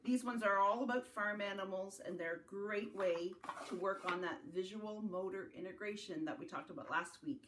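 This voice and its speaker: A woman from Canada leading a virtual family literacy circle, singing rhymes and talking gently and encouragingly to young children. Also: mid-range voice, normal speed, few pauses, noisy background. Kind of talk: virtual circle-time lesson with songs and rhymes. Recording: distant mic in an echoey room.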